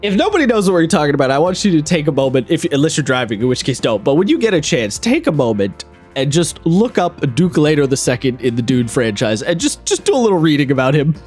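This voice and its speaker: A man's voice: a little high, very animated, fast talker, darkish tone, slightly rough, faint music behind. A man co-hosting a podcast in casual chat, rambling and wry, often breaking off mid-thought. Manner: rambling, self-interrupting, wry. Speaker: podcast co-host.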